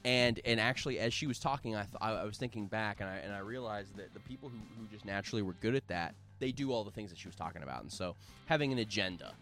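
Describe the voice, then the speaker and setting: A man with a somewhat low voice co-hosts a casual podcast chat, animated and often restarting his words. Faint music plays behind him. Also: fast talker. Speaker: podcast co-host.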